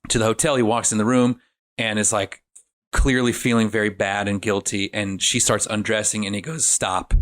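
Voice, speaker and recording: A man casually recapping a horror film's plot on a podcast, animated and profane, acting out the characters' lines. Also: lowish voice, brisk. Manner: animated, profane retelling with acted-out quotes. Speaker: podcast host. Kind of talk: casual comedic film recap.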